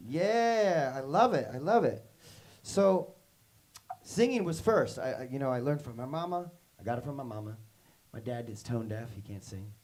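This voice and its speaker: A man's voice: mid-range voice, lively intonation, normal speed, darkish tone. Rambling, playful man telling stories. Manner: rambling and playful, full of "like" and "you know"; acts out quoted voices in his stories. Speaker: musician leading a workshop. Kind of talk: casual storytelling talk to young students.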